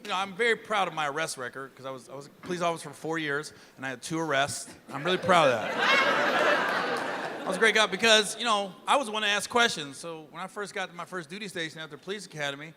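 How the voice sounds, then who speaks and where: On a live stage in a large hall, a stand-up comedian spins a long, loose, profane story and performs the voices of its characters. He's a fast talker with a fairly high pitch and lively intonation, and heavy crowd laughter fills the background.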